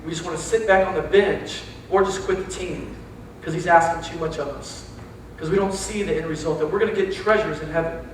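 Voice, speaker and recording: A young man with a Texan accent preaching a casual, joking sermon to young adults, telling animated stories with slang. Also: on the high side, fairly quick. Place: large church hall. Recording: very echoey hall, distant mic, faint hiss.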